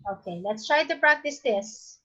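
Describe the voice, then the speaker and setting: A woman's voice: high voice, lively intonation, normal speed, sharp tone, lo-fi sound. A woman at home coaxing a learner through English tongue twisters, prompting him to repeat. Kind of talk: casual home practice.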